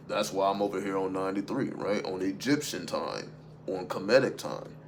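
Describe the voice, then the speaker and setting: A man with a lowish voice riffs unscripted to his livestream audience as a spiritual content creator. He talks emphatically, swears freely and keeps asking rhetorical questions. A faint hum sits behind him.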